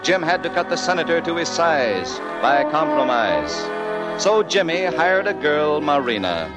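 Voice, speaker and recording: A man's voice: on the high side, big pitch swings, measured pace, loud music behind the voice. A man narrating a 1940s radio comedy in sing-song rhyming patter.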